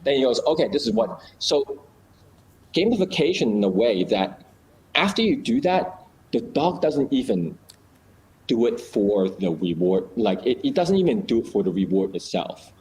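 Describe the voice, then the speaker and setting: A man's voice: medium pitch, very animated, moderate pace, darkish tone, slight background noise, low-quality recording. A man in a casual chat, explaining ideas through little acted-out stories, with many fillers and restarts.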